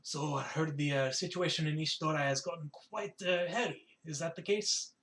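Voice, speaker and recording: A man voicing a hearty innkeeper who leans in and speaks low and confidingly. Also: normal speed, a bit bright, natural voice. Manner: lowered confiding voice.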